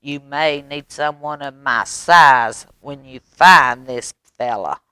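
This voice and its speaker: A woman's voice: very deep voice, slow, bright, forceful tone, clean tone, no room sound, exaggerated voice. A woman doing a growling grumpy bear. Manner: growling, grumbling. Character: grumpy sleepy male bear.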